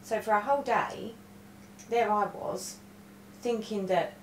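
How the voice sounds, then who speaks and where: A woman's voice: medium pitch, unhurried, a little hiss or hum. A middle-aged woman chatting casually about her stitching, telling a rambling story with lots of restarts. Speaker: cross-stitch vlogger. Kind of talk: casual stitch-along chat. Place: room at home. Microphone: webcam. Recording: roomy echo.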